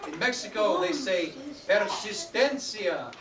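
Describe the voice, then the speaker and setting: A man's voice: fairly high pitch, a crowd in the background. A man giving a motivational talk to young students, drawing out key words and prompting them to answer back. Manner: call-and-response, drawn-out emphatic words. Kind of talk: motivational talk to a youth audience. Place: indoor room with students and adults. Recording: echoey room, distant mic, noisy.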